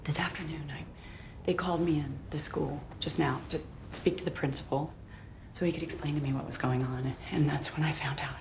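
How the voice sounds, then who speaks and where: An actress playing an anxious mother who talks in a halting, half-whispered way about her son. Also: sits low, fairly even intonation, gravelly, a little hiss or hum. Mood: strained.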